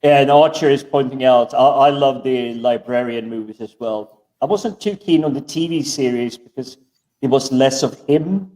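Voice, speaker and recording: Mellow-voiced man, rambling chat. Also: medium pitch, moderate pace. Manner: rambling, stammers and repeats words. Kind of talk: casual chat. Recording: distant from the mic.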